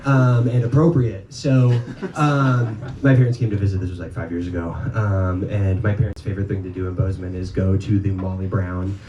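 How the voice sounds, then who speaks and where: A man from North Dakota with a low voice tells a rambling story to a live crowd at normal speed, his delivery flat and studded with ums and swearing. The audio is dull and noisy, with crowd sounds, picked up from far off in an echoey room.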